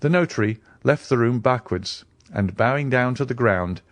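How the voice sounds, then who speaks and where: A man narrating a classic novel as an audiobook, in a measured, expressive storytelling manner. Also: medium pitch, no room sound. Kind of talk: scripted narration.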